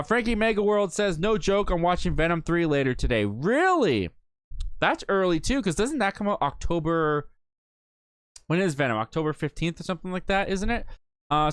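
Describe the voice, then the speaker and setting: A man's voice: high voice, fairly bright tone, clear, resonant tone, no echo. Upbeat young man reading chat comments. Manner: chatty, upbeat, reads out comments then reacts. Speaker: host of a live movie talk show. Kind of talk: casual live-stream chat reading viewer comments.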